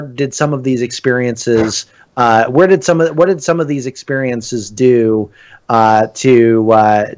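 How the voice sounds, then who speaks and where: Rambling male podcast co-host. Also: medium pitch. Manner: rambling, many restarts and fillers. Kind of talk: casual podcast chat.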